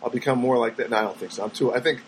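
An older man telling rambling stories in a casual monologue, halting and repeating himself, with lots of fillers and sudden high voices when he quotes people. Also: slight background noise, rough recording.

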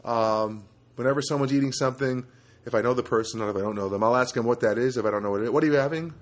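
This middle-aged New Jersey man speaks rapid-fire in a medium pitch with fairly even intonation while hosting a casual solo podcast from his studio apartment. He rambles through stories and repeatedly interrupts himself.

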